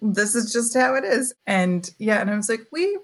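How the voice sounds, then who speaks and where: A woman's voice: mid-range voice, normal speed. Laughing, chatty mother as a guest. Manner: chatty, laughs often, relaxed storytelling. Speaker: guest, parent. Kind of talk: casual conversational interview.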